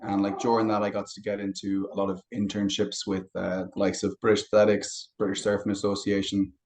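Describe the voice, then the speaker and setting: A young adult man, a fitness coach guest on a podcast, talking casually and telling stories in a relaxed way. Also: fairly low pitch, fairly quick, a little hiss or hum, low-quality recording. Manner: relaxed storytelling with anecdotes. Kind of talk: casual interview chat.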